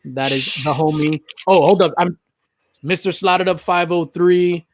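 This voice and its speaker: A man's voice: on the high side, unhurried, no room sound. A man hosting a casual live stream, chatting animatedly, laughing and reading out viewer comments. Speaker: host of a live stream show.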